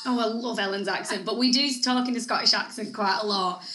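A woman's voice: medium pitch, brisk, bright, forceful tone, roomy sound. A woman co-hosting a business podcast in casual, rambling, playful chat. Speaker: podcast co-host.

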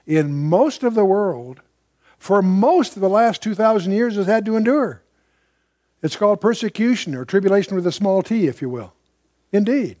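A man's voice: sits high, warm tone, dry recording, clean studio sound. An older man teaching the Bible verse by verse to a room, conversational and digressive, with emphatic asides. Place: room with a live audience.

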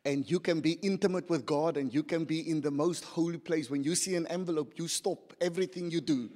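A middle-aged man preaching a sermon in a church hall, animated and rousing the congregation. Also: on the high side, a little fast. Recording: long church hall reverb.

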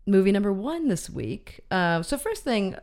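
A woman's voice: mid-range voice, very animated, normal speed, darkish tone. A woman co-hosting a film podcast, chatting in a dry, teasing way. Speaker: podcast co-host, film critic. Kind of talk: casual chat.

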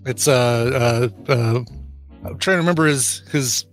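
A man co-hosting a podcast in casual chat, laughing easily and chiming in with quick jokes. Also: mid-range voice, soft background music. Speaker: podcast co-host.

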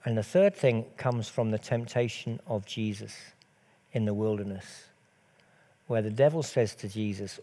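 A man with a warm, darker tone delivers a sermon. He speaks earnestly and presses his points with repeated rhetorical questions, circling back to the same phrases. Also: lowish voice, unhurried. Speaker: preacher.

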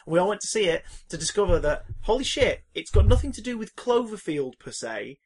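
A man co-hosting a casual film podcast, animated and profane, acting out reactions with loud exclamations. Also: sits high, fast talker. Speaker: podcast co-host.

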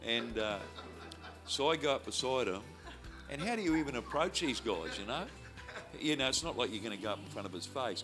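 A man preaching, telling a lively story and acting out the voices, then praying fervently over a crowd. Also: lowish voice. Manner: animated storyteller, acts out voices, ends in loud fervent prayer. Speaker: evangelist preacher. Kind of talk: sermon with storytelling and prayer. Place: stage before a crowd. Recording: music playing behind.

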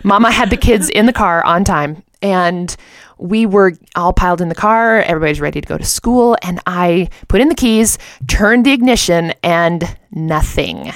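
A woman in her thirties co-hosting a faith talk show, telling a story in a lively way and acting out the voices of the people in it. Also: fairly low pitch, moderate pace, dry recording, clean studio sound. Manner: animated storyteller, acts out quotes. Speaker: co-host.

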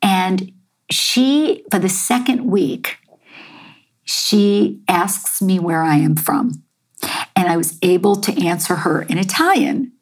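Slow husky american lady telling her life story, lots of ums and likes. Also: lowish voice, lively intonation. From United States. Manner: halting and reflective, many fillers. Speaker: guest, chef and artist. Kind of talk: personal storytelling interview.

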